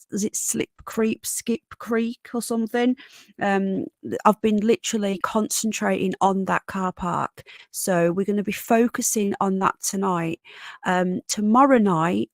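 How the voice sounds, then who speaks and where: A woman with a Birmingham accent hosts a casual live stream and chats to her viewers, calling them darling and sweetheart. Her voice has a gravelly edge. The sound is dry and close. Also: medium pitch, dry recording. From Birmingham, England. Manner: chatty, greets viewers with endearments. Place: home bedroom.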